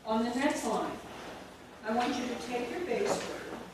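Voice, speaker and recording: A woman teacher trainer leading a phonics lesson for teachers, slowly enunciating words and checking in with "okay?". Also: a little high, expressive. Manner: slow, deliberate word-by-word enunciation with frequent "okay?" checks. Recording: echoey room from far off, noisy.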